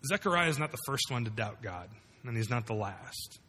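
Conversational preacher in a reverberant hall. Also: male voice, medium pitch, lively intonation, moderate pace, sharp tone, slightly rough. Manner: conversational preaching with rhetorical questions. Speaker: pastor. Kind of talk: sermon. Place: large room with congregation.

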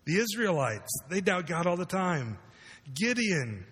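A man's voice: high voice, very animated, unhurried, a bit bright, slightly rough, big-room sound. A man preaching a sermon to a room of listeners, conversational and full of rhetorical questions. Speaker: pastor. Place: large room with congregation.

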